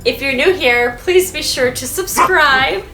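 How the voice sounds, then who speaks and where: A woman's voice: sits high, unhurried, bright, forceful tone. A woman hosting a casual vlog from home, chatting upbeat about her dog. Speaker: vlog host and dog owner. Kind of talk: casual vlog narration to camera. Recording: echoey room, faint music.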